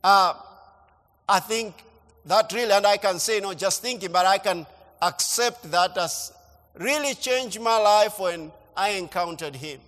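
Man, pastor, sermon, emphatic repetitions, high pitch, church hall reverb. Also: a little slow, a bit bright. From Kenya. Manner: emphatic, repeats phrases, rising and falling delivery.

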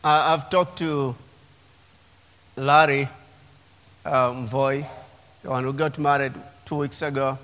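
A man's voice: mid-range voice, fairly even intonation, takes it slowly, pauses often, a bit bright. A man preaching a sermon as pastor, emphatic and calling on the congregation to respond. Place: church sanctuary. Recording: long reverb of a large hall.

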